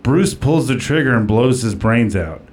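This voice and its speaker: A man's voice: medium pitch, expressive, normal speed, slight background noise. A man hosting a comedy podcast in casual chat, rambling with lots of fillers and narrating an absurd roast story. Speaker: podcast host.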